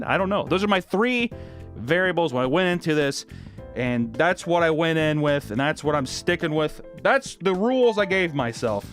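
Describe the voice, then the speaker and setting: A man's voice: a little high, fairly bright tone. A young man giving sarcastic, profane comedic commentary while reviewing old movies. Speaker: video reviewer.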